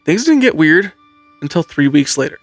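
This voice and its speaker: A male podcast host telling an eerie true story in a casual, animated way, building suspense with pauses. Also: a little high, dry recording, faint music behind.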